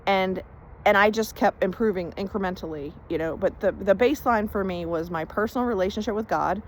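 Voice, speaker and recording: A woman's voice: mid-range voice, a little fast, slight background noise, rough recording. A woman coach telling her personal healing story in a casual, chatty way, earnest and emphatic about her faith. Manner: chatty storytelling, reenacts conversations with "and I'm like". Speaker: faith-based life coach.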